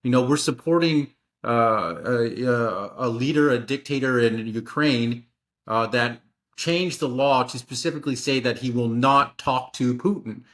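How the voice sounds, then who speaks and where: A man's voice: medium pitch, a little slow, a bit bright. A man from the United States hosting a casual political discussion, earnest and prone to restarting his phrases.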